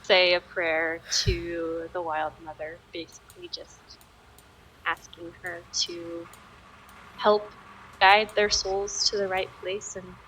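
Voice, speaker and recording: Slow, low-voiced woman player. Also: fairly bright tone, slight background noise, rough recording. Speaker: tabletop game player. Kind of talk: casual in-character and table talk.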